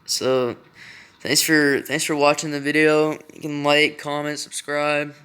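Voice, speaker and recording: A man's voice: a little high, little pitch movement, a little slow, sharp tone, smooth. A young man telling a rambling story to camera, swearing often. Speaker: vlogger. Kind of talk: casual storytelling.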